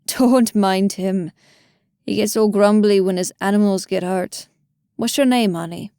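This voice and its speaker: A woman's voice: medium pitch, steady tone, a little slow, clear, resonant tone, dry recording, clean studio sound, close to an everyday voice. Woman doing a cheerful, sing-songy man. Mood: gentle. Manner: warm, sing-songy and gentle. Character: cheerful friendly man rescuer with a faint lilt.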